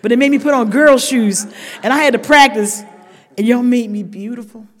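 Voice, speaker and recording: A middle-aged woman telling a dramatic story at a recovery meeting, talking straight to the crowd and swinging between loud outbursts and hushed asides. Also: a little high, normal speed. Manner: chatty, addresses listeners directly. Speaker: speaker sharing at a recovery meeting. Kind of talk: storytelling share to a live audience. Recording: long reverb of a large hall.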